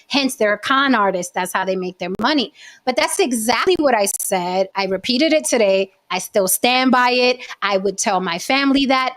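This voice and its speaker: A woman's voice: fairly high pitch, fairly bright tone. A young woman hosting a casual debate livestream, blunt and confrontational, and she doubles down rather than backing off. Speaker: host.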